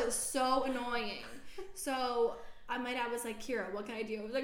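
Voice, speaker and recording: Young american girl chatting on a podcast, kinda high voice, lots of likes, roomy echo. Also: moderate pace, noisy background. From United States. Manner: animated storytelling, many filler likes, laughs while talking. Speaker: podcast co-host. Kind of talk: casual chat.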